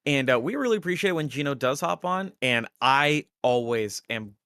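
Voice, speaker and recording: A man co-hosting a casual live stream who talks in an animated way, laughs often and swears, over a video call. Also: medium pitch, normal speed, smooth, no room sound, clean studio sound. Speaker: co-host.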